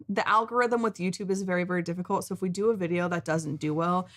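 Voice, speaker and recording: A woman's voice: lowish voice, fairly even intonation, quick pace. A woman co-hosting a live stream, chatting casually, reading out viewer comments and laughing often. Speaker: co-host of a reaction channel.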